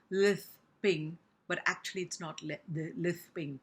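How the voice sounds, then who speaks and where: A female speech teacher from India gives a pronunciation lesson, speaking slowly and deliberately and demonstrating each sound with exaggerated articulation. Her voice is lowish and steady in tone, with a breathy edge.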